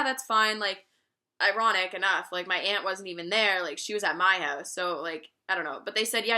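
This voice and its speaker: A woman's voice: medium pitch, pushed and bright. A young woman vlogger telling a story in a casual, candid, profane way and laughing often.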